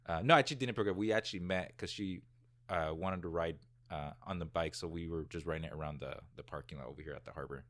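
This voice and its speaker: A man's voice: low voice, quick pace, a bit bright, no room sound. A young man being interviewed in his own office, laid-back and teasing with a dry humor. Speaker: guest content creator. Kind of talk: casual interview chat.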